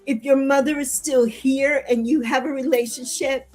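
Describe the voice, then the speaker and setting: High-voiced woman, heartfelt and repetitive. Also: steady tone, normal speed, a little mellow, faint music behind, poor audio. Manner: heartfelt, repetitive, rising into tearful pleading when hurt. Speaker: interview guest. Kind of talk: emotional interview conversation.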